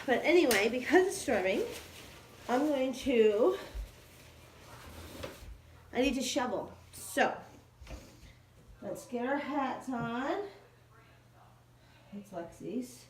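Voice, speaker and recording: A woman's voice: a little high, lively intonation, takes it slowly, long pauses, a little hiss or hum. A sick woman vlogging casually at home and then outside in the snow, rambling to her viewers and her dog on a handheld phone. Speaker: vlogger and mother.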